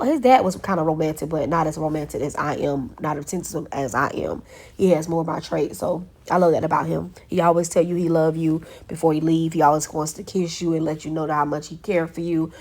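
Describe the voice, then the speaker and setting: A woman's voice: deep voice, darkish tone, breathy edge. A woman, telling a story to her viewers in a chatty, affectionate way and calling them baby. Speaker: vlogger. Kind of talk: casual vlog chat.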